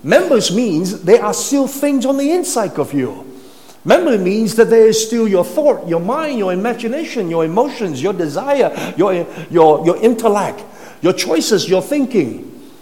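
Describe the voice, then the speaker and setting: Male preacher, high voice, teaching sermon style with questions to the congregation; reverberant hall sound. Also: very animated, measured pace, darkish tone. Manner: teaching, rhetorical questions to listeners, repeats words.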